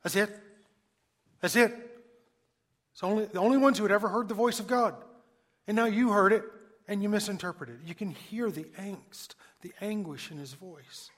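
A man preaching a sermon, emphatic and questioning the listeners, swinging between loud stresses and hushed lines. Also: high voice, moderate pace, pauses often. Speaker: pastor.

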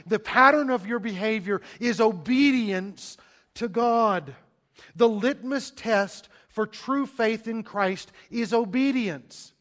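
Male pastor, high voice, sermon delivery, rhetorical questions, loud-to-hushed swings, long pauses. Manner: dramatic pauses, swings from loud emphasis to hushed near-whisper; calls listeners "beloved", asks rhetorical questions.

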